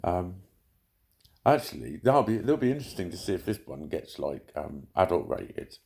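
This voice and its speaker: A man's voice: deep voice, sing-song, moderate pace, creaky, a little mellow. A man telling a story to camera in casual vlog talk, blunt and full of swearing, laughing often. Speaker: vlogger.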